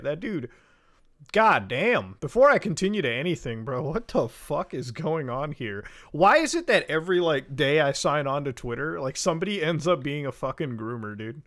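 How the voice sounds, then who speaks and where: A young male streamer talking casually to his viewers. He swears freely and gets excited quickly, often breaking into laughter. His voice sits fairly high and swings widely in pitch. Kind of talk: casual livestream chat.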